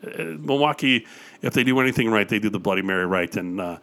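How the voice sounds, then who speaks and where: An older man with a lowish voice, chatting easily as a guest. He tells stories with eager enthusiasm and scatters "uh" and "you know" through his sentences. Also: animated, quick pace, a bit bright. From Wisconsin, USA. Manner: enthusiastic storyteller with frequent fillers. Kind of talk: casual chat.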